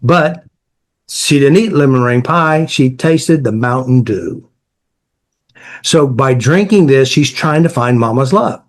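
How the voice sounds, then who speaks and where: A man's voice: medium pitch, measured pace. A man working as an emotional therapy coach, explaining his ideas through client stories in a direct, repetitive way. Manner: direct, repetitive, lists ideas in short bursts.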